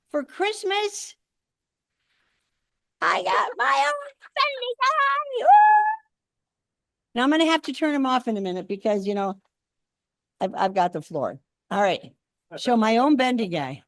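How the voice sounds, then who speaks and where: An older woman gives a humorous speech in a speaking club's meeting room, an animated storyteller who acts out the quotes. Her voice is a little high, recorded at studio quality with no echo.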